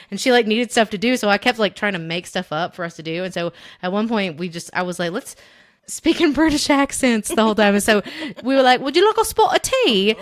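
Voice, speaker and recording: A young woman co-hosts a casual podcast, with a voice that sits a little low. She tells stories in a loose, rambling way, full of fillers, restarts and little quoted voices. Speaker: podcast co-host. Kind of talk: casual chat.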